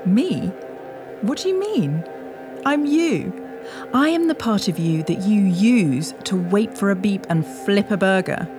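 A woman with a British accent, playing the lecturing inner voice of a man's primal brain in an audio drama. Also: medium pitch. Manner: condescending, lecturing, sharp. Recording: voice over music bed.

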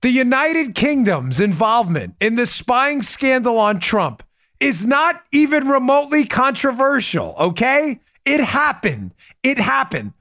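A man hosting a political commentary show, talking emphatically, repeating his key points and breaking off into quick asides. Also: very high-pitched, sing-song, fairly bright tone. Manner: asides and self-interruptions. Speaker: podcast host.

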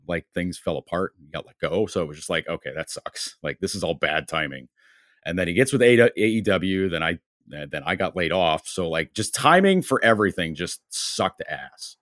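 Low-voiced man telling a rambling story. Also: no room sound, clean studio sound. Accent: Western New York. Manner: rambling anecdotes, many fillers and acted-out quotes. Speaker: sports writer. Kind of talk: casual storytelling on a podcast.

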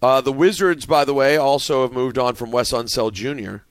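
A man hosting a sports talk radio show, animated and jokey as he steers the banter. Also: medium pitch, normal speed, dry recording. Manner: animated, jokey, leads segments. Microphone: studio microphone.

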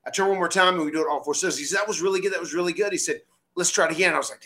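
Bright-voiced man telling lively stories. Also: fairly high pitch, rapid-fire. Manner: animated, acts out quoted voices, frequent restarts. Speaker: podcast host, former wrestler. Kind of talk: casual storytelling.

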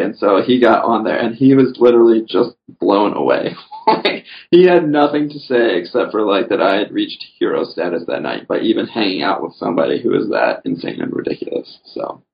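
A man with a fairly low voice talks in a casual podcast chat, wandering through his thoughts and padding them with fillers. The recording is dull and lo-fi, with little top end. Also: vocal fry. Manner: rambling, full of "you know" fillers.

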